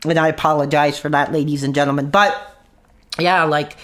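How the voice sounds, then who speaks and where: A man's voice: on the high side, expressive, normal speed, a bit bright. A man streaming an angry rant into his own mic, swearing, mocking and then apologizing for his language. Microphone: own desk mic.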